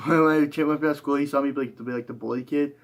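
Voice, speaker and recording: A man's voice: a little high, fairly even intonation, fast talker. Tired young man, rambling. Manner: rambling with many fillers and restarts. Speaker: YouTuber. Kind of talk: reflective casual monologue.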